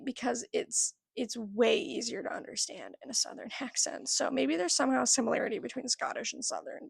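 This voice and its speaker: Gravelly, husky young woman chatting. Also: a little high, no echo, studio quality. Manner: chatty and giggly, lots of "like". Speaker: book vlogger. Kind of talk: casual chat.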